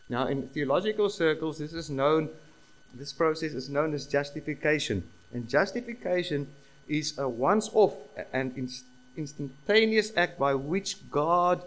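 A man's voice: a little high, fairly bright tone, low-quality recording. A man preaching a sermon, emphatic, repeating key phrases and asking the listeners rhetorical questions.

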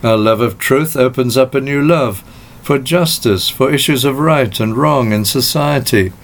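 A man preaching a sermon as pastor, with measured delivery and slowed, emphatic phrases. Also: medium pitch.

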